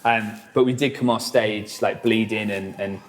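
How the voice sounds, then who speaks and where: A man's voice: on the low side, fairly even intonation, moderate pace, a little hiss or hum. A man, a musician guest telling rambling stories in a casual interview, full of fillers and swearing.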